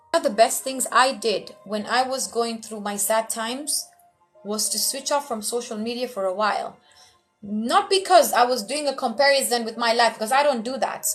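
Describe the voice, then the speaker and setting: A woman emcee giving motivational life tips in casual talk, frank and animated, sometimes acting out quoted voices. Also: fairly high pitch. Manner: frank, blunt, lightly profane.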